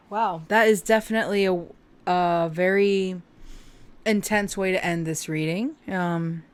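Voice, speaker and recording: A woman's voice: fairly low pitch, fairly even intonation, slow pace, pauses often. A woman giving a casual tarot reading to camera, heartfelt and emotional as she talks straight to her viewers. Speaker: tarot reader.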